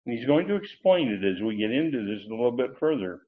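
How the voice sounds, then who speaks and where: A man's voice: mid-range voice, big pitch swings, fast talker. A man preaching an expository sermon, teacherly, lifting his voice to stress key words. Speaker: pastor. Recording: tinny phone-like audio.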